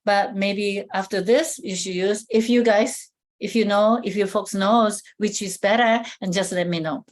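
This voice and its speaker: A woman giving a live skincare demonstration over a video call, explaining step by step in a halting way with many fillers and restarts. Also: mid-range voice, steady tone.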